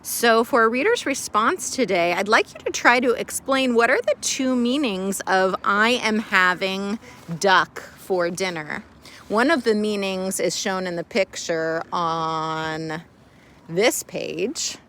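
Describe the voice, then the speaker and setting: A woman teacher reading a picture book aloud to children in a playful, expressive way, then explaining a reading task. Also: mid-range voice, takes it slowly, a little hiss or hum.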